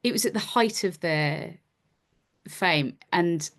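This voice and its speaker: A woman's voice: on the low side, slow pace, a bit bright. A woman in her forties, a podcast guest and performer, telling casual self-deprecating stories and acting out her own lines. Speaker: podcast guest, actor and musician. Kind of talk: casual anecdotal chat.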